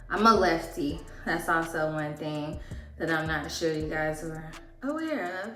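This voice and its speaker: A woman in her thirties with a lilt, chatting casually to viewers as she does her makeup. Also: sits low. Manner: chatty, talks while doing makeup. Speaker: beauty vlogger. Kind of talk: casual get-ready-with-me chat. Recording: roomy echo with music behind.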